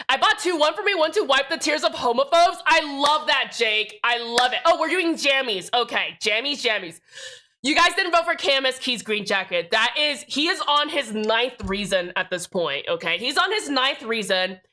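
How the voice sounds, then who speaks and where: A woman's voice: sits high, animated, moderate pace, pushed and bright. A young woman streamer chatting casually with her viewers, sassy and profane, joking through everything. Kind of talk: casual live-stream chat.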